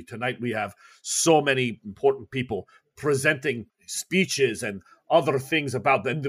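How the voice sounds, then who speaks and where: A man voicing an excitable Russian party host with a put-on Russian accent and grand, raised delivery. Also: mid-range voice, breathy edge, lightly acted.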